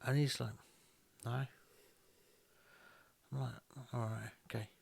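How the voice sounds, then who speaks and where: A man who works as a tattoo artist, chatting casually on a podcast and telling an animated story, acting out the quoted lines with frequent restarts. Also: medium pitch, quick pace, gravelly, slightly rough. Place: podcast recorded on a bus.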